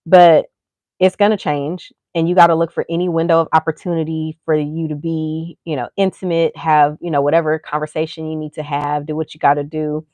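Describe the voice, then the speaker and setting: A woman with a low, deep voice talks in a loose, rambling way and keeps dropping "you know" into her sentences. The sound is dry and close, with no room echo. She speaks as a podcast host sharing frank thoughts. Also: flat delivery, brisk, darkish tone. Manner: candid, rambling, full of "you know" asides. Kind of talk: casual chat.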